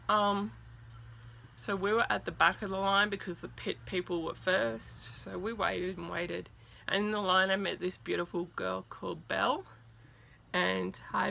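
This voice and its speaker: A woman vlogger excitedly telling a story in a casual, chatty way, with lots of fillers. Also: medium pitch, gravelly, slight background noise.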